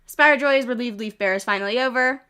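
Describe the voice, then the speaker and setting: Her fairly high voice comes across pushed, bright, clear and resonant as she quickly calls out game events on stream. Stuffed up and coughing at her desk mic, she still giggles and chats between updates.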